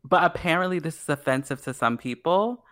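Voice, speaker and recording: Dude with a bright edgy voice just telling a story on a podcast, dry mic. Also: male voice, on the high side, lively intonation, fairly quick, no room sound. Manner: chatty storytelling. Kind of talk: casual chat.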